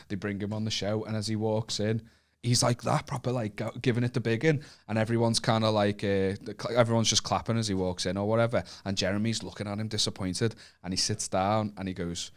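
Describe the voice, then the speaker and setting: A man's voice: lowish voice, flat delivery. A young northern English man co-hosting a podcast, telling stories in casual chat with frequent restarts and casual swearing. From northern England. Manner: halting restarts, dry storytelling, swears. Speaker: podcast co-host.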